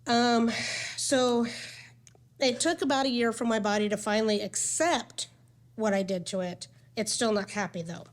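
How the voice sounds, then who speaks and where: A woman's voice: fairly high pitch, fairly even intonation, moderate pace. A woman in her forties gives a candid, conversational talk at a medical conference, telling her own story and speaking with frequent "um" and "like". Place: conference session room.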